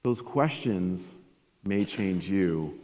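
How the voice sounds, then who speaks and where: Energetic man giving a keynote in a hall. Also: low-pitched, drawn-out words. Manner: energetic, animated storytelling. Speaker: keynote speaker. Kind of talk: motivational keynote. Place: large conference hall. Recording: long hall reverb.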